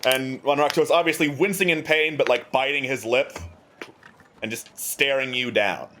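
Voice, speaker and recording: A man's voice: mid-range voice, moderate pace, bright, forceful tone, slight background noise. A man narrating a tabletop game as game master, chatty and full of fillers.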